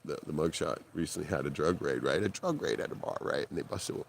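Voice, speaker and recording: A livestream host tells a story in casual talk, swearing and laughing a lot as he quotes other people, his pitch jumping when he quotes or laughs. His voice is creaky and a little fast, and there's slight hiss or hum on the recording.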